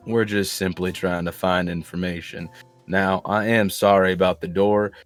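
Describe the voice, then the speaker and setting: A man's voice: low-pitched, little pitch movement, normal speed, no room sound, faint music behind, natural voice. A man voicing a nervous, apologetic bear in a tabletop game, chatty and excusing himself.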